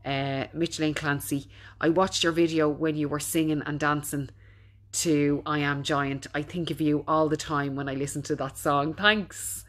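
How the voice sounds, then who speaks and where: A middle-aged woman with an Irish accent chats away on a live video, reading out viewers' comments. Her voice sits a little low, and she speaks in a chatty, encouraging tone. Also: fairly even intonation, normal speed. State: recovering from being unwell. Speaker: business owner hosting a Facebook live. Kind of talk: casual live-stream chat.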